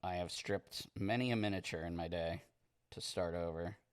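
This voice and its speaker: A man streaming as he paints miniatures, chatting casually in a relaxed, rambling way and reading viewer comments aloud. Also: sits low, moderate pace, no echo, clean studio sound. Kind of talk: casual livestream chat while painting.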